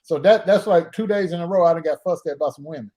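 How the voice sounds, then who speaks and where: A man's voice: fairly high pitch, quick pace, mellow. A man hosting a live stream, rambling through a self-mocking story and acting out the dialogue. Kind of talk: casual storytelling. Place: home.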